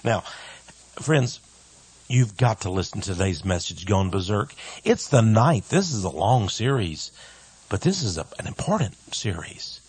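A man preaching a radio sermon with great emphasis, dropping to soft asides and rising to loud cries, sometimes mimicking his critics in mocking voices. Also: fairly low pitch, sing-song, measured pace, slightly rough, no echo.

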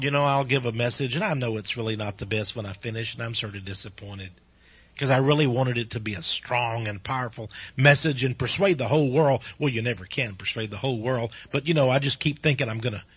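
An older man preaching a chatty radio sermon, laughing often and telling stories with animated ups and downs. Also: on the high side, breathy edge, no echo. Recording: dull, lo-fi dry radio recording.

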